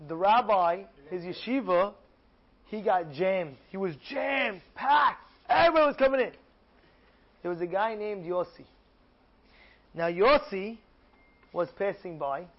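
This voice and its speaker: A man teaching as a rabbi, telling a story with lively emphasis and frequent repetition. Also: high-pitched, lo-fi sound. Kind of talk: storytelling Torah lesson.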